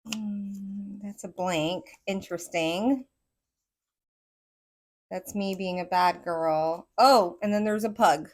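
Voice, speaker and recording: A woman with a Southern accent giving a casual pick-a-card tarot reading, excitable and rambling as she talks to her viewers. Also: mid-range voice, slow pace. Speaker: tarot reader.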